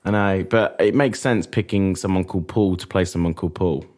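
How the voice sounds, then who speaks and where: A man co-hosting a podcast, chatting casually with deadpan, teasing jokes. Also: low voice, fairly quick. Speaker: podcast co-host. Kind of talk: casual chat.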